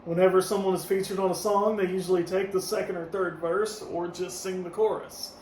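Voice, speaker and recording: High-voiced man reading review notes. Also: fairly even intonation, fairly quick, a little mellow. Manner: reads review notes with frequent laughs and fillers. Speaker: podcast co-host reviewing albums. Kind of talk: casual review chat, partly read from notes. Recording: echoey room, distant mic, faint noise.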